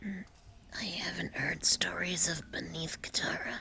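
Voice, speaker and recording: A man voicing a confused young woman held captive, speaking in a halting, breathy whisper. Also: high voice, steady tone, pushed and bright, exaggerated voice. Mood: bewildered.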